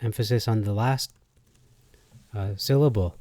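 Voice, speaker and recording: A man's voice: fairly low pitch, measured pace, warm tone, dry recording. A man explaining things in a casual spoken video. He thinks aloud and hesitates, and he tries out different pronunciations as he goes.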